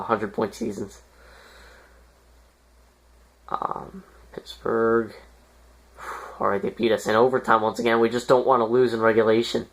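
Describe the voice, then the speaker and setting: A gaming YouTuber gives loose, rambling commentary over a hockey management game, packed with fillers and punctuated by sudden exasperated outbursts. His voice is lowish.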